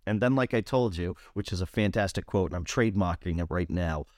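Man, Rhode Island accent, lowish voice, dry close sound, podcast chat, lively storyteller. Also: brisk, no room sound. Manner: animated storyteller, jumps high when quoting others. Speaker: podcast co-host. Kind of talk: casual chat.

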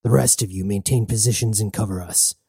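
A man reads a ruthless male mercenary commander in a very dark, mellow voice. He barks curt, profane orders. The sound is dry and close. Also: fairly low pitch, steady tone, brisk, creaky, husky, no room sound, full character voice. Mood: gruff.

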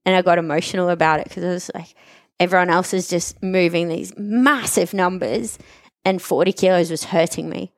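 A woman's voice: on the low side, steady tone, normal speed, no echo, clean studio sound. A woman in casual conversation, candidly and emotionally telling a personal story of recovery. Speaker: gym member telling her recovery story.

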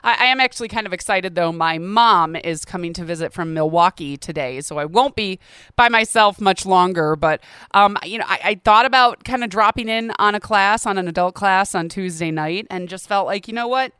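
A woman's voice: mid-range voice, normal speed, a bit bright, clean tone, dry recording. A woman hosting a podcast on a close mic, chatting casually with lots of fillers and a self-deprecating, laughing manner. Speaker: podcast host. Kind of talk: casual solo podcast talk.

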